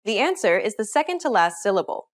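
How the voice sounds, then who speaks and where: A woman narrating a scripted pronunciation lesson in a clear, instructive manner. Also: medium pitch, sing-song, fast talker. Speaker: language teacher.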